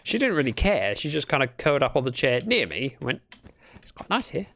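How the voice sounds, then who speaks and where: British male streamer, chatty, mid-pitched with some fry, animated delivery. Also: fast. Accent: British English. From Britain. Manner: chatty, thinks aloud while building, talks to chat. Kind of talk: casual livestream chat while gaming.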